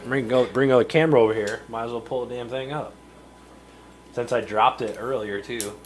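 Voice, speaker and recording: A chatty middle-aged man hosts a relaxed livestream from his home fishroom. He rambles through viewer messages and laughs easily. His pitch sits squarely in the ordinary middle range. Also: moderate pace, a little hiss or hum. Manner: rambling and chatty, answering viewer chat and chuckling. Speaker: livestream host. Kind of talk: casual livestream chat.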